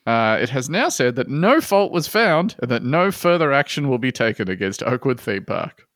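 A man with an Australian accent hosting a comedy podcast, reading news items in a deadpan, jokey way with quick asides. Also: medium pitch, no echo, clean studio sound. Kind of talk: casual comedic podcast banter.

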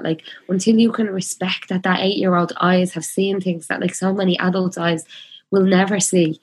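A woman's voice: lowish voice, husky. Passionate Dublin woman in her twenties. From Ireland. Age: 20s. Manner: passionate, talks fast with many fillers. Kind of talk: casual chat.

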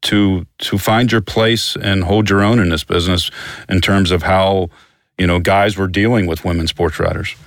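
A man's voice: sits low, fairly even intonation, moderate pace, dry recording, studio quality. A man interviewing a guest, asking questions in a supportive, affirming way. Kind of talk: interview host.

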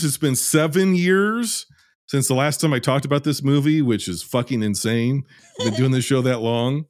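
A man hosts a film review podcast, and his talk is casual but full of profanity and sardonic rants. His voice sits at an ordinary pitch. The sound is dry and close, with no room echo. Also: darkish tone. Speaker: podcast host reviewing films.

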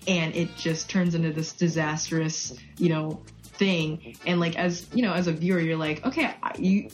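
Lower-voiced woman chatting casually. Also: little pitch movement, moderate pace, soft background music. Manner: chatty, giggly, many fillers. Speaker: podcast co-host. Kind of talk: casual chat.

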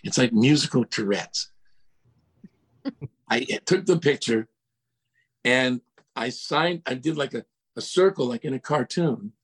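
Older male guest, husky, animated raconteur with impressions, video call. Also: mid-range voice, measured pace, long pauses. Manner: animated storyteller, mimics voices, laughs at himself. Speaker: guest, music producer. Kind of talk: casual storytelling interview.

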